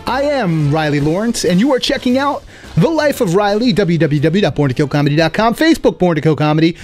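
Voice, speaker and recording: A man hosting a comedy podcast, riffing in a rambling, animated, self-mocking monologue indoors. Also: sits high, brisk, soft background music. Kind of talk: casual rambling stand-up monologue. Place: indoor room.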